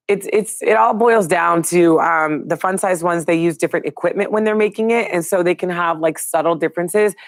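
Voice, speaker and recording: A woman's voice: on the low side, dry recording. A middle-aged woman hosting a live online show, chatting casually and upbeat with viewers and reading out their names.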